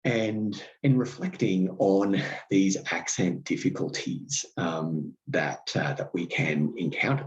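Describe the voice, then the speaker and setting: A man with a very low voice hosts a reflective podcast monologue. He tells wry, self-deprecating stories and halts often with ums and restarts. The recording sounds dull and slightly lo-fi. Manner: halting, lots of ums and restarts. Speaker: podcast host.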